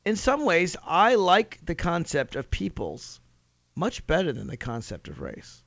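A Nashville, Tennessee man hosts an opinion talk radio show, pressing his argument with rhetorical questions and emphatic rises. His voice is a little high with wildly swooping pitch, a little slow, with vocal fry and a fairly bright tone. The audio is dull, with no echo.

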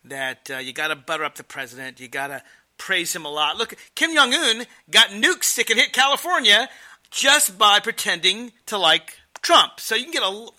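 A man's voice: high voice, normal speed, pushed and bright. A man giving political commentary in an emphatic, sarcastic way. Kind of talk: explanatory commentary.

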